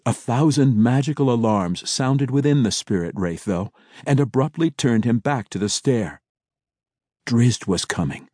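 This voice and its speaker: A man narrating a fantasy audiobook in a measured, dramatic storytelling manner. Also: mid-range voice, a little mellow, dry recording, studio quality. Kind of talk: scripted narration.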